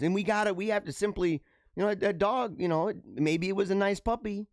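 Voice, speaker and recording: A man's voice: high voice, brisk, no room sound, studio quality. A man hosting a podcast, giving casual and slangy commentary on news stories and laughing often. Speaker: podcast host.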